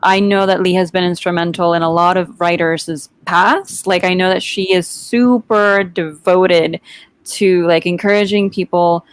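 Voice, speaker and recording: A woman's voice: lowish voice, steady tone, a little slow, dry recording. A woman hosting a virtual author event, giving earnest advice in a casual, playful way. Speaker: host. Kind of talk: casual panel chat. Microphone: video call.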